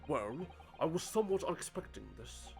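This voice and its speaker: A man voicing a scheming older Japanese judge who speaks in a measured, stately way while reading a game's dialogue on a livestream. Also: on the high side, very animated, faint music behind. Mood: composed. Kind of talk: voicing game characters on a livestream.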